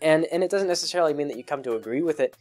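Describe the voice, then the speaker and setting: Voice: medium pitch, expressive, very fast, darkish tone, soft background music. A video creator answering patron questions in a casual, rambling monologue full of fillers and restarts. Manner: acts out quoted people in a raised voice.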